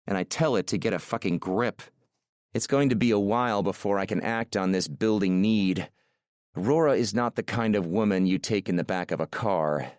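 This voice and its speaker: A man narrating a romance audiobook in the first person, measured and intimate, on a close mic. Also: on the low side, dry recording.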